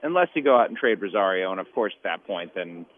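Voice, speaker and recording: A man calling in as a guest to a sports radio show, halting and repeating phrases before he makes his point. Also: low-pitched, animated. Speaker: guest baseball insider. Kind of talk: sports radio phone interview. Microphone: phone. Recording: tinny phone line with faint hiss.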